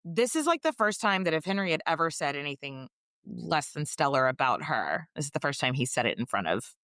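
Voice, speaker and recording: A woman co-hosting a casual history podcast, telling the story in a jokey, swearing, animated way. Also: low voice, brisk, no echo, studio quality. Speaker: podcast co-host.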